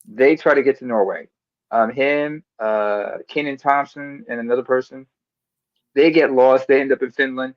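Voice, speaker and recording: A male podcast co-host in casual sports chat, telling animated stories and drifting onto tangents. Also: medium pitch, normal speed, no echo. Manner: animated storyteller, goes off on tangents. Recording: dull, dry lo-fi sound.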